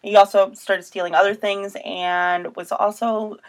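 A woman's voice: medium pitch, flat delivery, a little slow. A woman co-hosting a casual true-crime podcast, telling a case in a chatty, rambling way with many fillers. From Midwestern United States. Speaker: podcast co-host.

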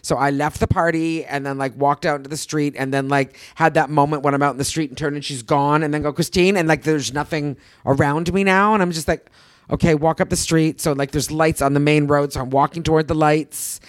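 A man's voice: a little fast, dry recording. A man chatting casually on a podcast, telling a long story with lots of fillers and acted-out quotes. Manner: animated storyteller, jumps into high voices for quoted people.

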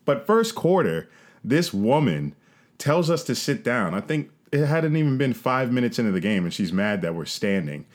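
Profane, animated man telling a story. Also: medium pitch, moderate pace. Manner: animated, profane, laughs often. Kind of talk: casual storytelling chat.

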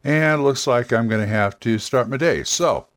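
A man's voice: mid-range voice, normal speed, fairly bright tone. An older man hosting a solo podcast, giving rambling, self-correcting, encouraging advice on running tabletop games. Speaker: podcast host giving game master advice. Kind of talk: casual solo podcast talk.

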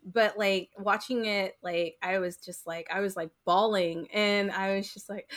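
A woman co-hosting a podcast, talking in a loose, rambling way. Her pitch sits in the middle, and she strings her thoughts together with plenty of "like" and "um". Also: fairly even intonation, measured pace, a bit bright. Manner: rambling, heavy use of "like" and "um". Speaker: podcast co-host. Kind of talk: casual chat.

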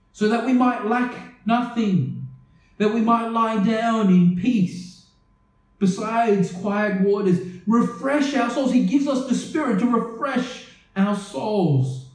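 A man's voice: extremely high pitch, a little mellow. A man preaching a sermon earnestly, asking the listeners question after question. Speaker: pastor. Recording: echoey room, voice from a distance.

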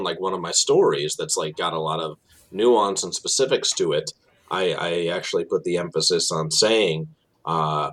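A tour guide from New Jersey talks with a New Jersey accent in a very low, deep register. He rambles casually through his stories, stacking fillers and restarting sentences as he goes. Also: fairly bright tone. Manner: storytelling, frequent fillers and restarts. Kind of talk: casual interview talk.

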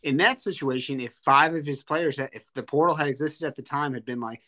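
A man's voice: medium pitch, fairly quick, bright, forceful tone. A young man co-hosting a casual sports podcast, ranting heatedly and swearing freely. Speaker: podcast co-host.

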